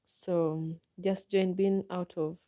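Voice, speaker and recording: A Ugandan woman with a Ugandan accent talks through a live chat, answering viewers in a relaxed, advising way. Her voice sits a little low and sounds soft and mellow. She speaks at an easy, unhurried pace. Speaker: vlogger.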